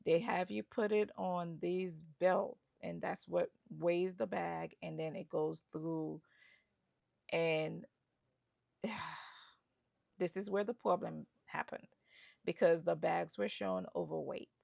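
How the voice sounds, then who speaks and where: A woman's voice: lowish voice, fairly even intonation, slow, vocal fry, pauses often, darkish tone, no room sound, studio quality. A woman telling her travel story in a chatty vlog, with asides to the viewer. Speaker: travel vlogger. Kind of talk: casual travel vlog narration.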